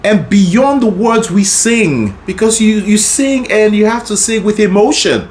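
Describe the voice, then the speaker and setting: A man's voice: sits high, expressive, a little slow, slight background noise. A man teaching a singing lesson, explaining techniques and breaking into short sung demonstrations, often checking in with "right?". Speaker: vocal coach.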